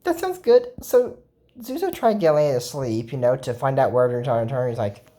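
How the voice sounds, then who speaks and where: Low-voiced woman rambling through a cartoon recap. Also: big pitch swings, a little fast, warm tone. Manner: rambling, chatty, quotes the characters as she retells. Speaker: video commentator. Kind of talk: casual episode recap.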